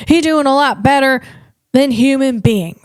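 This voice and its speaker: A woman comedian hosting a tech podcast, talking in an animated way and tripping over her words. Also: high-pitched, unhurried, dry recording, clean studio sound. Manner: animated, stumbling over words, acts out voices.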